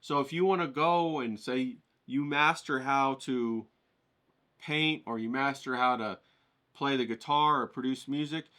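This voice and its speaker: A man teaching an art class in a motivational, coaching way, often checking in with the listener and rising with excitement. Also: unhurried. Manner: animated, rises in pitch when excited.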